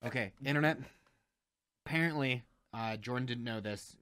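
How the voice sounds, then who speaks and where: A young man co-hosting a casual chat show over drinks, talking in an animated way and swearing often. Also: mid-range voice, normal speed, smooth, no echo, studio quality. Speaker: co-host.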